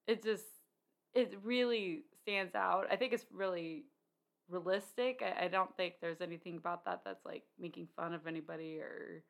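A woman's voice: lowish voice, normal speed, gravelly. A woman co-hosting a casual film discussion, chatty, with many fillers and restarts.

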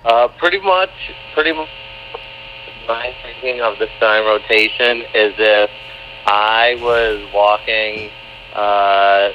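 Halting man on a crackly cell call. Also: on the low side. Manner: hesitant, halting, full of fillers. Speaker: podcast guest. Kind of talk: casual phone-in interview. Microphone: cell phone call. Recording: breaking-up cell phone line with hum.

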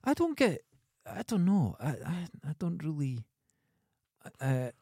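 A man's voice: on the high side, very animated, slow, warm tone, dry recording, studio quality. A Scottish man co-hosting a casual podcast, chatting in an easygoing way. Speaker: podcast co-host.

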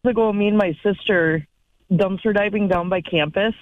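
A male caller sharing an anecdote in halting, broken-off sentences. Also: high-pitched, dry recording. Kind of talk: phone-in anecdote. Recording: tinny dry phone line.

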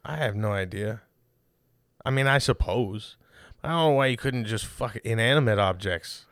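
A man's voice: on the low side, moderate pace, fairly bright tone, no room sound, studio quality. A man co-hosting a podcast in casual chat, asking incredulous questions. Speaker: podcast co-host.

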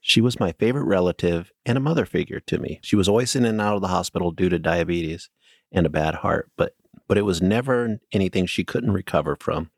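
A man's voice: sits low, a little fast, no echo. A man co-hosting a podcast, reading listener stories aloud in a plain way and trading dry banter. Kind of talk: casual podcast chat and story reading.

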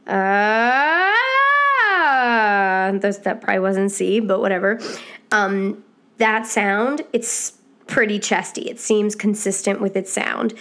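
A woman teaching singing on a podcast, chatty and encouraging, with a pitch that sits in the ordinary middle. She explains at an easy pace and now and then jumps up into bright, high demonstration hoots. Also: little pitch movement, measured pace. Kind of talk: casual podcast lesson.

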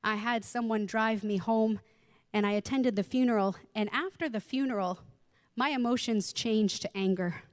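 Expressive woman preaching in a reverberant hall. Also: fairly high pitch, moderate pace. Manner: expressive, acts out quoted voices. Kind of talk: sermon with personal storytelling.

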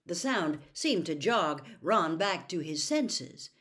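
A woman narrating a children's novel aloud in a slow, expressive read-aloud style. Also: on the low side. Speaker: storyteller. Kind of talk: audiobook narration.

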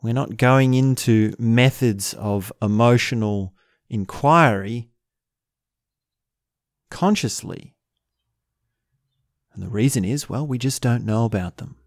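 A man giving a calm, thoughtful talk, musing aloud and asking rhetorical questions. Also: mid-range voice, slow pace, long pauses, no echo, clean studio sound. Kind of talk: reflective spoken talk.

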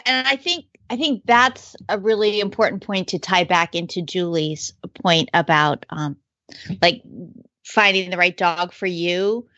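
A woman's voice: lowish voice, a bit bright, no echo. A woman chatting casually in a thoughtful, explanatory way. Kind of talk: casual podcast chat. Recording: dry, slightly dull lo-fi sound.

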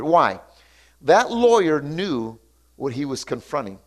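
A man preaching a sermon. He reads scripture aloud, comments on it, and mixes in call-outs and repeated hallelujahs, sometimes slowing down to stress words. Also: fairly high pitch, sing-song. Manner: sudden stretches of slow, drawn-out emphasis. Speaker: pastor.

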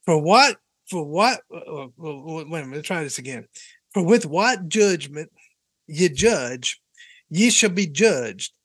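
A man's voice: a little high, expressive, fairly bright tone, slightly rough, dry recording, voice pushed down, heavily acted. A man putting on a Southern US accent to play a solemn preacher, drawing out his words as he reads. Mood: preaching. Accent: put-on Southern US. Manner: slow, drawn-out, solemn reading. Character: folksy Southern preacher reading scripture, man.

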